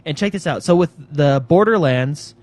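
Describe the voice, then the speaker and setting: A man's voice: a little high, lively intonation, normal speed, darkish tone. A man co-hosting a gaming podcast in casual chat, rambling through news items with many fillers. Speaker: podcast co-host.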